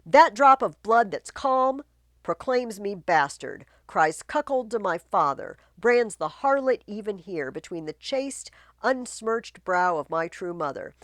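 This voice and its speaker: A woman reading the part of a furious young nobleman bent on revenge, shouting verse. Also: mid-range voice, animated, measured pace, dry recording, voice pushed up.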